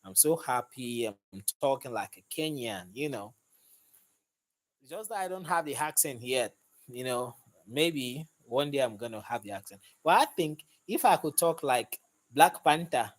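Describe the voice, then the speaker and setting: A man's voice: mid-range voice, expressive, moderate pace. A man, a mechanic hosting a casual live stream, upbeat as he greets and thanks viewers, recorded on a phone he holds in his hand. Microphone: phone held in hand.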